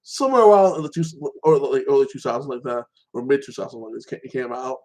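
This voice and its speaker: Man, host, casual solo chat, rambling, repeats "like that", mid pitch. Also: expressive, fast talker, darkish tone, rough recording. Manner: rambling, repeats "like that" and "you know". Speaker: show host.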